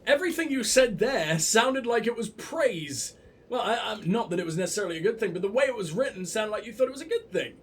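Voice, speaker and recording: Animated, sarcastic young gamer guy. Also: high voice, quick pace, breathy edge. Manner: sarcastic, profane, mocking. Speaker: let's play gamer. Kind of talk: sarcastic gameplay commentary.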